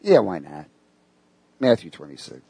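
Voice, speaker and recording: A man's voice: deep voice, wildly swooping pitch, measured pace, gravelly, mellow, husky, no room sound. A man preaching a sermon who reads scripture and asks the congregation questions in a casual, conversational way.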